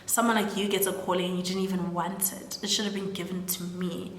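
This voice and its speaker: A woman voicing a sinister young female maid with dark powers, in a low, breathy, resentful whisper, recorded in an echoey room. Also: little pitch movement, fairly quick, a little hiss or hum, lightly acted. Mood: bitter whisper. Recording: echoey room with long reverb.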